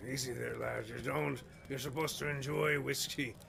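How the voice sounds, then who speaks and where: A man voicing a genial older man who keeps hounds, gravelly and folksy, calling the others lad. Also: mid-range voice, steady tone, normal speed, crowd noise.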